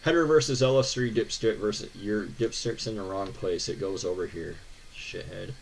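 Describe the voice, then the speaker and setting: A man's voice: on the low side, moderate pace, vocal fry, slight background noise. A young American man hosting a car channel, ranting sarcastically and swearing as he reads viewer questions. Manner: profane, sarcastic, exasperated ranting. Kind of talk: ranting reaction to viewer posts.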